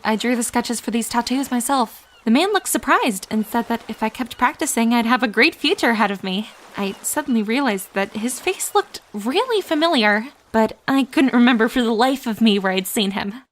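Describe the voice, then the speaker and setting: A woman's voice: a little high, a little hiss or hum. A young woman narrating a first-person storytime in a dramatic, emotive way. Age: young adult.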